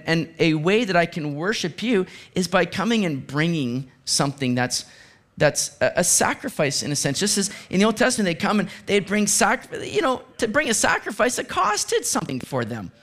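A high-voiced man preaches a sermon as a pastor. His delivery is animated, shifting from hushed asides to excited exclamations.

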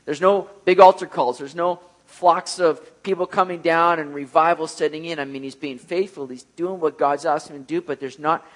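Male preacher, a little high-pitched, talks to the congregation like a friend and acts out the quotes. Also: steady tone, moderate pace, hardly any pauses, a bit bright. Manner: conversational, keeps asking "right?". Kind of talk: sermon.

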